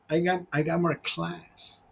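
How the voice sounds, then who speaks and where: A middle-aged man telling rambling, profanity-laced stories in a casual vlog, pausing and restarting as he talks. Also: fairly high pitch, creaky, a little hiss or hum, poor audio. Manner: profane, rambling, animated storyteller. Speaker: vlogger. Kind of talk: casual storytelling over a beer.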